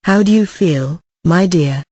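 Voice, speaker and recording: A brisk, gruff old gentleman with a hoarse throat, as an audiobook narrator reads him. He speaks at a middling pitch, kindly but fussy, in a dry, close recording with no room sound. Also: no room sound, dull audio. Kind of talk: audiobook character reading.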